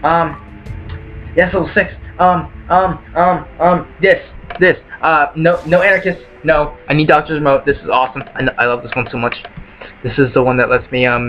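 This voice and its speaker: A man's voice: fairly high pitch, normal speed, dull audio, faint music behind. A man giving casual let's play commentary at home, rambling through lots of ums and swearing constantly.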